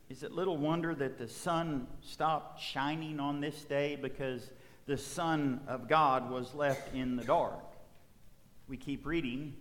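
A man's voice: fairly high pitch, a bit bright. A man preaching a sermon as pastor, building emphasis through repetition. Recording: long hall reverb.

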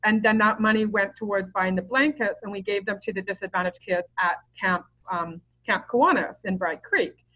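A woman's voice: medium pitch, normal speed, fairly bright tone, low-quality recording. Chatty woman telling stories openly. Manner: open, chatty storyteller with many fillers and restarts. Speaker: podcast guest. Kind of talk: casual interview conversation.

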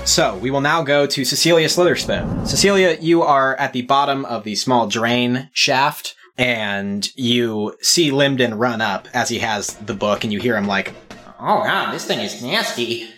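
A relaxed man narrates as game master, casual and even-paced. Faint music plays behind him. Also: mid-range voice, unhurried, few pauses. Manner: casual, laid-back, with laughs.

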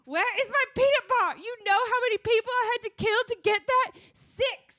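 A woman's voice: very high voice, moderate pace, sharp tone, pitched above the performer's own voice. A woman voicing a petty, violent male warlord who rants indignantly in a wobbly put-on accent. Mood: furious ranting.

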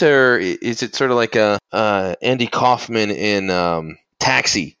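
A man hosting a casual movie podcast, rambling and halting, with many fillers and restarts. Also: mid-range voice, animated, fairly bright tone, clear, resonant tone, dry recording. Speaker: podcast host.

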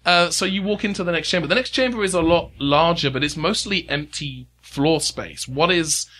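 Bright-voiced man running the game. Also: a little high, slight background noise. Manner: halting, full of fillers and restarts while describing scenes. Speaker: game master. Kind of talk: narrating a tabletop game.

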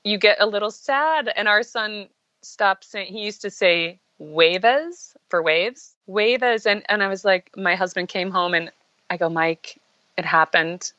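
A woman's voice: mid-range voice, a little slow, no echo. A middle-aged woman guest on a podcast, chatting casually and telling stories in an upbeat, agreeable way. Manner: animated storyteller, upbeat, agreeable. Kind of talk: casual conversational interview. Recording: dull lo-fi remote line.

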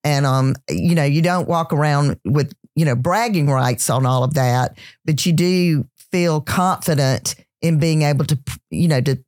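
A woman's voice: sits low, a little slow, no room sound. Southern woman chef, dry close sound. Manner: animated, many restarts and "you know"s. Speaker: celebrity chef and entrepreneur, guest. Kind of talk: casual interview storytelling.

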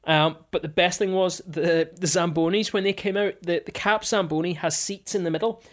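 A woman's voice: on the low side, fairly even intonation, normal speed. A woman hosting a casual sports podcast, telling stories chattily and laughing often. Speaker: podcast host.

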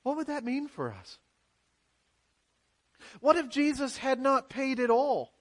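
A man's voice: very high-pitched, very animated, unhurried. A man pastor preaching a sermon in a church, earnest and emphatic, posing rhetorical questions to his congregation.

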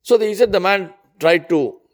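A man preaching in a conversational storytelling way, retelling an old tale with lively quoted dialogue. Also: moderate pace. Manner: conversational, rising high when quoting characters. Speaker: Islamic preacher. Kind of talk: storytelling sermon.

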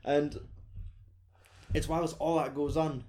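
Scottish male co-host, casual sweary chat, animated retelling. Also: on the high side, takes it slowly.

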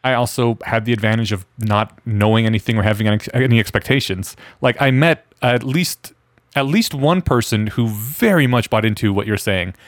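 A man chatting on a podcast with eager enthusiasm. His voice sits at a middle pitch. The sound is dry, with no room echo. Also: normal speed. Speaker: podcast co-host. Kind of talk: casual podcast conversation.

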